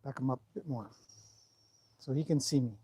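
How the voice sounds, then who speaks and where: A man's voice: medium pitch, brisk, warm tone, slightly rough, dry recording. A man who trains horses, chatting casually through a livestream, rambling and breaking off to talk to his horse.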